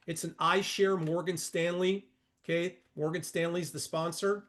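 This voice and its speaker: A man in his sixties with a notably high speaking voice leads a trading lesson, pulling up charts as he goes. He is emphatic and repetitive, tossing folksy asides at his viewers. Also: flat delivery, normal speed, a bit bright. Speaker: market educator.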